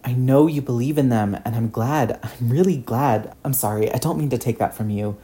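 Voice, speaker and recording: A man's voice: mid-range voice, normal speed, warm tone, close to an everyday voice. A man voicing an earnest, shaken teenage boy hero who stammers and restarts his sentences.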